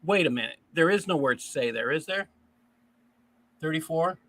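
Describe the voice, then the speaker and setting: Male co-host, slightly high and bright, incredulous casual reader. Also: lively intonation. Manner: incredulous, quick to laugh. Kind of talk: casual chat, reading commentary aloud.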